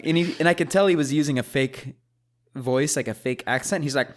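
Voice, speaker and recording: A man hosts a relaxed gaming podcast, telling stories with lots of energy, casual swearing and frequent laughter. His voice sits a bit higher than most men's. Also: fairly quick, over a noisy crowd. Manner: animated storytelling, swears, laughs a lot. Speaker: podcast host.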